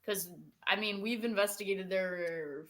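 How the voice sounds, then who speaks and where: A young woman, a paranormal investigator guest, chatting casually in a scattered, animated way and acting out voices she quotes. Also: mid-range voice, unhurried. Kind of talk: casual chat.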